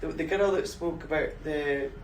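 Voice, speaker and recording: A man's voice: fairly high pitch, moderate pace, distant mic, crowd noise. A man in a casual group reflection, telling anecdotes and acting out what people said. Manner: storytelling, acts out what people said. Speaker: community learning worker. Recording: echoey room, voice off-mic.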